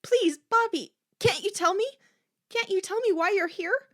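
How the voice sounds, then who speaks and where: A woman voicing a frightened teenage girl cheerleader, high and pleading. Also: measured pace, fairly bright tone.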